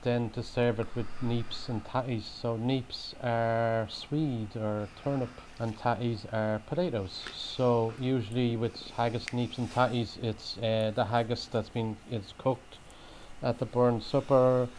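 A man's voice: medium pitch, flat delivery, unhurried, darkish tone, slight background noise. A man explaining traditional dishes in a casual chat, often restarting his sentences as he goes. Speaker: chef guest. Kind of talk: casual chat about cooking.

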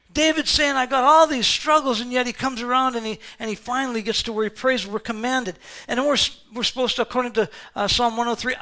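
High, bright-voiced man preaching fervently. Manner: fervent preaching, swings from quiet to shouting. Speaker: pastor. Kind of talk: sermon.

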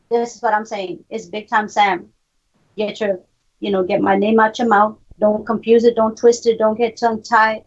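A woman co-hosting a podcast in casual chat, brash, boisterous and swearing freely. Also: fairly high pitch. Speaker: podcast co-host. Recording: dull lo-fi call audio.

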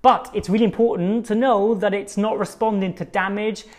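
A man's voice: high voice, steady tone, moderate pace. Rambling, um-filled casual male talker. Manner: rambling, filler-heavy, conversational. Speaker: podcast host. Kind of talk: casual solo monologue. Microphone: own microphone.

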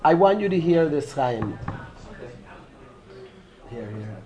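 A man with a notably high voice teaches as a rabbi, lecturing a classroom of students. He repeats key phrases and quizzes listeners by name as he goes. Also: animated, takes it slowly, lo-fi sound, noisy background.

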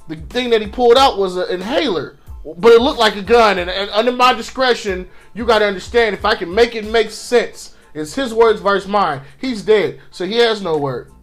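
High-pitched man, heated podcast co-host, talks fast and swears, faint music behind. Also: a bit bright. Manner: impassioned, acts out quotes of police and victims; profane, repeats words when restarting. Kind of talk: casual discussion.

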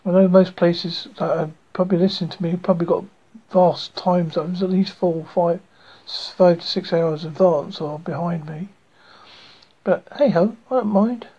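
A man's voice: sits high, steady tone, moderate pace, warm tone, breathy edge. A man from Essex with an English accent, hosting a casual, rambling community radio show in a self-deprecating way, on a dull lo-fi recording. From Essex, England. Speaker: radio host.

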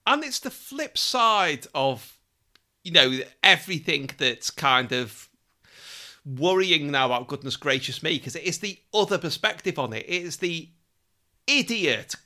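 A man co-hosting a casual chat about old comedy records, animated and laughing often. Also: a little high. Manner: animated, laughs often, quick asides and impressions. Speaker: podcast co-host.

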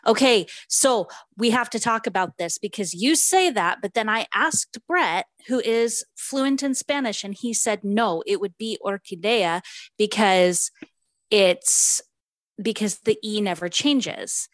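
A woman's voice: medium pitch, unhurried, no room sound. A woman co-hosting a podcast in casual chat, chatty and giggly with many fillers, also reading out a book synopsis. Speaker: podcast co-host.

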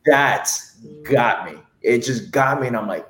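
A man co-hosting a podcast, reviewing a film in a casual chat, telling animated stories and swearing freely. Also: mid-range voice, unhurried, echoey room. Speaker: podcast co-host.

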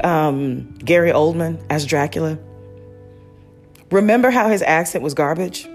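A woman hosting a podcast, talking casually in a rambling, chatty way with many fillers and restarts. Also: deep voice. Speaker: podcast host. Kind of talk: casual solo review chat.

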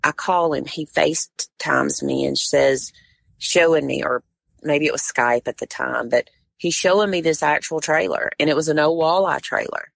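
A woman's voice: sits low, normal speed, vocal fry, no echo. A woman tournament director, a guest on a podcast, telling a story in casual conversation and acting out what others said.

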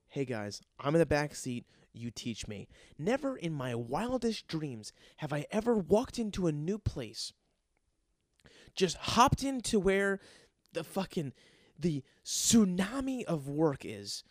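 Ranting young man, lively pitch. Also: dry recording. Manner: exasperated, profane, rapid-fire ranting. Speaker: bartender. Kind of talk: casual rant.

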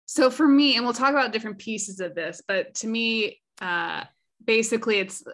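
A woman's voice: on the high side, normal speed, fairly bright tone. A woman co-hosting a casual podcast discussion, thoughtful and often reading review quotes aloud. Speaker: podcast co-host.

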